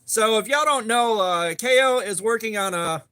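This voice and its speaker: A man with a drawl runs a relaxed live stream, greeting viewers by name and chatting with ease at a laid-back, friendly pace. His voice sits unusually high, sounding bright, forceful, and smooth, at a normal speed.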